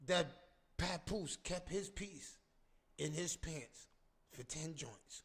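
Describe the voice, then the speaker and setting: A man hosting a casual solo podcast, talking in an animated way with lots of stammered restarts and trash talk. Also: fairly high pitch, takes it slowly. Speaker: podcast host. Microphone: streaming mic.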